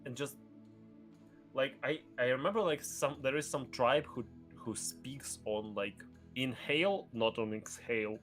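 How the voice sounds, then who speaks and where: A man chatting casually as a guest streamer, excitable and rambling, with many fillers and bursts of loud laughter. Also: mid-range voice, a little slow, soft background music. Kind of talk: casual chat.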